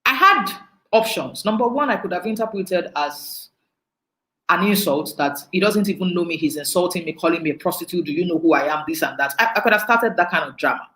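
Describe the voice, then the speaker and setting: Animated Nigerian woman telling stories. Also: fairly low pitch, fairly quick, roomy sound, rough recording. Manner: animated, laughs often. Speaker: speaker on emotional intelligence. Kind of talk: storytelling talk.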